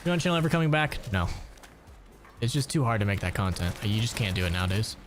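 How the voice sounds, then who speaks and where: A man's voice: fairly low pitch, sing-song, quick pace, a little hiss or hum. Crude joking male gaming streamer. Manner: crude, joking, laughs often, reads chat aloud. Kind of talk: casual stream chat while gaming.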